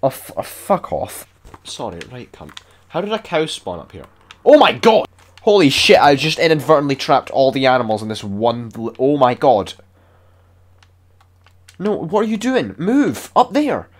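A young man giving sweary, excitable and sarcastic commentary while building in a video game. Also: medium pitch, moderate pace. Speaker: gaming YouTuber. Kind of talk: casual gameplay commentary.

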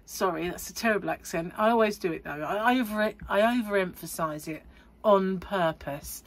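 A woman's voice: medium pitch, normal speed. A middle-aged woman vlogging casually to camera, rambling and chatty with frequent laughs. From United Kingdom. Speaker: crochet vlogger.

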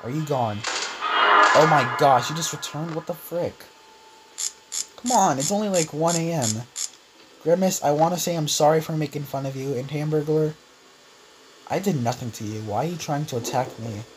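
A man's voice: on the high side, normal speed, long pauses. Young man, casual gaming commentary, filler-heavy, jumpy, faint background noise. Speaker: gaming YouTuber. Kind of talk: casual let's-play commentary.

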